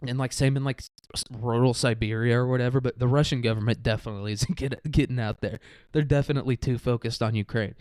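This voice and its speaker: A man's voice: medium pitch, steady tone, fast talker, a little mellow, clear, resonant tone, dry recording. Profane laughing podcast guy, dry sound. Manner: profane, laughing often, slangy. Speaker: podcast host. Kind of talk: casual rambling comedic monologue.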